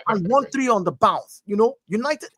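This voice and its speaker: A man's voice: high-pitched, expressive, moderate pace, sharp tone, breathy edge. A man on a football podcast panel who teases and needles the other panelists. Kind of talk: teasing football banter.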